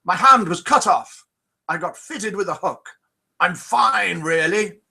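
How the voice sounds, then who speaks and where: A man putting on a high jolly pirate. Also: takes it slowly, creaky, sharp tone, husky, exaggerated voice. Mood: cheerful. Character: jolly battered adult male pirate.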